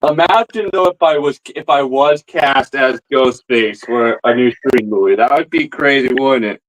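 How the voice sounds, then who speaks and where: A man's voice: medium pitch, normal speed, rough recording. Stammering man in a rambling comedy vlog. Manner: stammering, repeating words as he talks.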